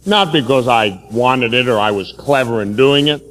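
A man, a Catholic priest, preaching a sermon forcefully, telling stories from his own life. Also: mid-range voice, moderate pace, big-room sound.

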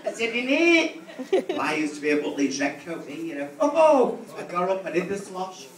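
A man's voice: fairly high pitch, big pitch swings, brisk. A man doing bawdy drag stand-up, teasing audience members with brash, crude banter. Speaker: drag comedian. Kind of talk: live stand-up with crowd work. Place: large theatre stage. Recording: distant echoey live theatre recording. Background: audience laughter.

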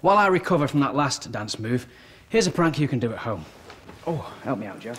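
A man presenting a kids' TV show in an excitable, jokey, self-mocking way. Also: mid-range voice, fairly quick, breathy edge.

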